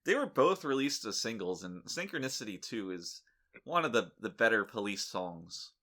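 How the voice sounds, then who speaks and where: A man's voice: on the low side, moderate pace. A man co-hosting a podcast, chatting casually with dry, joking delivery. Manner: deadpan joking, playful bits. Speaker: podcast co-host. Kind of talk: casual comedic chat.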